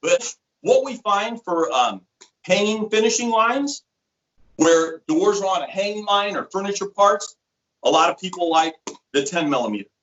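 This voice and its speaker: A man's voice: fairly high pitch, muffled recording. A middle-aged man telling stories and explaining products in a casual interview, acting out quoted voices. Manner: animated storyteller acting out quotes. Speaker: sales rep. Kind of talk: storytelling interview chat.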